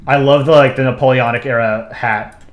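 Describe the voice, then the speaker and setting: A man hosting a casual drawing livestream, chatty and relaxed, thinking aloud as he works. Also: mid-range voice, moderate pace, echoey room, highs cut off. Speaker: streamer and comic artist.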